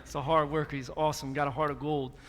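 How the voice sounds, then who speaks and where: Upbeat pastor in a big church hall. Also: male voice, fairly high pitch, little pitch movement, fast talker, fairly bright tone. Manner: casual, hyping up the crowd. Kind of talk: sermon with guest testimonies. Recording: live in a reverberant hall.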